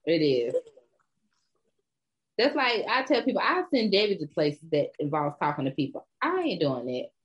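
A brash, profane woman co-hosts a casual chat. Her voice sits on the low side. The recording sounds dull and lo-fi. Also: big pitch swings, moderate pace, husky. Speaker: podcast co-host.

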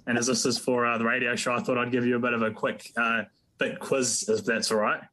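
A New man with a bright, forceful voice interviews a guest. His tone is playful and casual, and he quizzes the guest as he goes. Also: medium pitch, level tone, brisk, poor audio.

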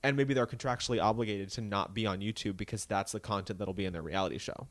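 Speaking quickly in a lowish voice, a young man co-hosts a podcast full of celebrity gossip, chatting animatedly and imitating people in put-on voices. The sound is free of echo.

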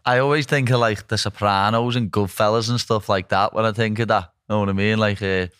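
A man's voice: lowish voice, fairly even intonation, brisk, a bit bright, smooth, no room sound, clean studio sound. A man with a Scouse accent interviewing a guest in a chatty, casual way with local slang. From Liverpool, England.

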